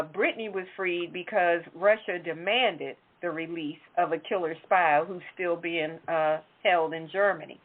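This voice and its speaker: Woman host on a tinny phone line. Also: on the low side. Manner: conversational, self-correcting. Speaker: talk show host. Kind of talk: casual political chat.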